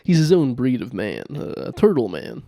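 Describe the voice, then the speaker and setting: A man's voice: medium pitch, wildly swooping pitch, normal speed, mellow, dry recording. A man hosting a comedy podcast, chatting casually in a playful, jokey way. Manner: playful, jokey, puts on silly voices. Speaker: podcast host.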